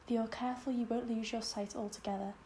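A woman's voice: fairly high pitch, fairly quick, warm tone, slight background noise, natural voice. A woman reading an audiobook, voicing an earnest, eager teenage girl who sounds anxious and tender. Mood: brave. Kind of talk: audiobook character voice.

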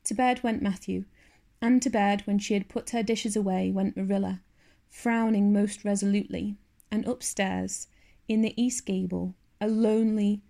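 Female audiobook narrator, gravelly, mellow, measured storytelling. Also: medium pitch, steady tone. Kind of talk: scripted narration of a classic novel.

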